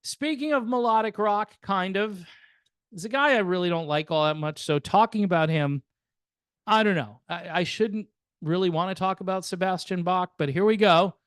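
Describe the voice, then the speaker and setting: A man's voice: high voice, moderate pace, fairly bright tone, clean tone, dry recording, studio quality. An older man hosting a music channel, giving casual, rambling commentary in a sardonic, chatty way with plenty of fillers.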